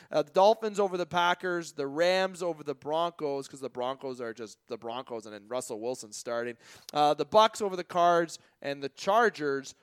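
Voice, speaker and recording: A man's voice: on the high side, clear, resonant tone, no room sound. A man hosting a casual sports podcast, joking and self-deprecating as he runs through his picks. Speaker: podcast host.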